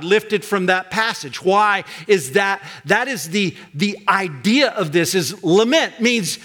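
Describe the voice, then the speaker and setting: Older preacher guy, high voice, keeps building up then crying out. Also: animated, unhurried, hardly any pauses. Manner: emphatic, rising to loud cries on key words. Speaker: pastor. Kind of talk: sermon.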